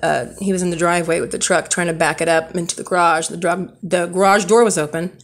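Young woman, casual storytelling vlog, rambling with fillers, lowish pitch. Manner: rambling, many fillers and restarts.

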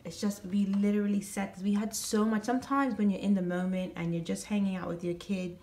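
A woman's voice: medium pitch, steady tone, brisk, mellow. A woman talking casually at home, explaining things step by step with many ums and restarts. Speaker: vlogger and pet owner.

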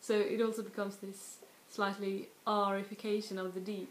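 A woman teaches in a relaxed video lesson, pausing and restarting as she walks through examples. Her voice sits at an ordinary middle pitch. The room around her sounds echoey, with a faint hiss underneath. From Sweden. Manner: explains slowly with many restarts and spoken example words. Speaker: language tutor.

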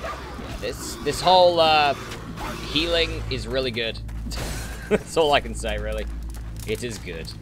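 A man's voice: mid-range voice, a little slow, pauses often, music in the background. A man casually commenting on his gameplay in a chatty, playful way, talking at enemies as he goes, recorded on a desktop mic at home. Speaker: gaming channel host. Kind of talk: let's play commentary. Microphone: desktop mic with noise suppression.

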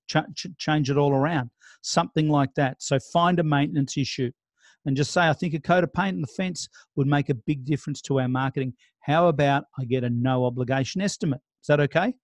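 Speaking in a somewhat high voice with no echo, a man runs an informal sales training session for real estate. He walks through client scripts by role-playing them, chatting loosely and often starting over.

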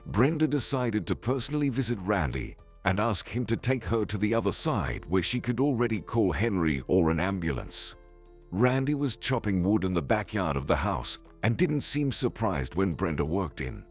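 A man narrating a scripted story in an even, measured way. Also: on the low side, soft background music.

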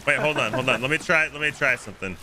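A man's voice: mid-range voice, fast, sharp tone, a little hiss or hum. A young man hosting a game stream, chatting casually with friends in a playful, joking way and slipping into mock-solemn preaching. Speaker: streamer and host. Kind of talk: casual gaming chat with friends.

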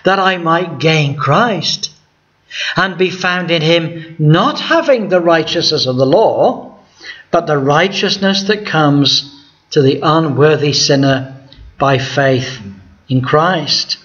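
A man with a high voice preaches a Bible lesson in a church, questioning the people in front of him as he teaches. The recording sounds dull and lo-fi. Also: slow pace, fairly bright tone. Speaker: pastor. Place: church hall before a congregation.

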